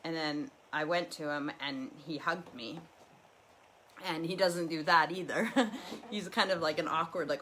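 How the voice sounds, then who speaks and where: She speaks in a low, bright, forceful voice with fairly even intonation at a moderate pace. A middle-aged livestream host in her living room, she rambles candidly about personal matters with plenty of restarts, over slight background noise on a rough recording.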